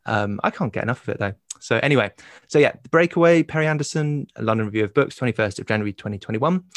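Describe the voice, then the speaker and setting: A man co-hosting a podcast from home, introducing the topic in a hesitant way with many pauses and restarts and some dry humor. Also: mid-range voice, no room sound. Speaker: podcast co-host. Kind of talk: casual podcast discussion. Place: home in London.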